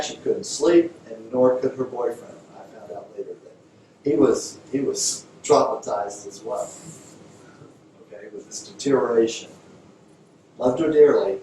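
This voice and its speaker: In a dark, mid-range voice, a man lectures conversationally as a yoga teacher, performing both roles of a dialogue in a raised voice as he tells a story. Faint noise and echo come through from a distant microphone.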